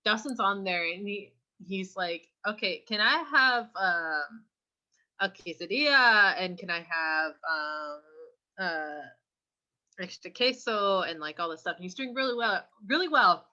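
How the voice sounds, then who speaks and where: A young woman co-hosts a casual podcast, telling a funny story with quick asides and laughter. Her voice is bright and forceful. The recording sounds a little dull and lo-fi. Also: medium pitch, animated. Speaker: podcast co-host. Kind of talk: casual chat.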